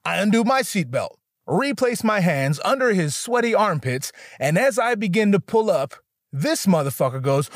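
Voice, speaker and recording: A young man doing stand-up storytelling, animated and profane, jumping into voices for the people he quotes. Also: high-pitched, moderate pace, no room sound, clean studio sound. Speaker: stand-up comedian.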